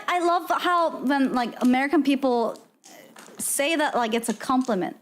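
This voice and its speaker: A woman with a high voice talks casually to her live-stream chat. She laughs often, reacts to comments and rambles in loose, restarting sentences full of fillers. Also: moderate pace. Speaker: VTuber streamer.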